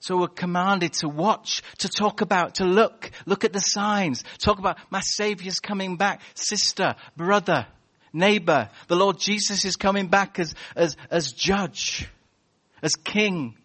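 A man preaching a sermon in a church, animated and chatty, telling stories and acting out voices. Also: sits high, measured pace. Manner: animated, storytelling with acted-out voices.

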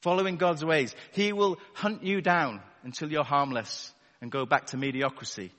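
Through a wireless battery microphone, a man delivers a conversational, wry sermon to a live congregation in a church hall, peppering them with rhetorical questions. His voice is a little high and a bit bright at a moderate pace, with a large hall's long reverb.

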